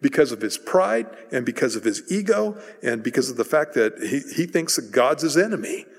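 A man's voice: mid-range voice, animated, fairly quick, breathy edge. Conversational male preacher in a reverberant hall. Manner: conversational storytelling, acts out voices in retellings. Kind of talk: sermon.

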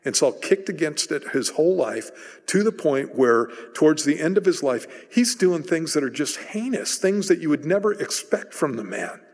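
A man's voice: fairly high pitch, big pitch swings, normal speed. A man preaching a sermon in a casual, conversational way, retelling a story and briefly acting out its voices. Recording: hall reverb.

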